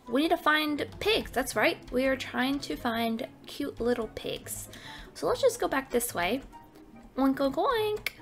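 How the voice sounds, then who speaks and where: A young woman with a high, girlish voice narrates her Minecraft game at a relaxed, unhurried pace. She is playful and chatty, coos over cute animals and keeps slipping in a silly oink refrain. Light music plays faintly behind her. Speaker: gaming channel host. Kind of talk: casual Minecraft let's play commentary.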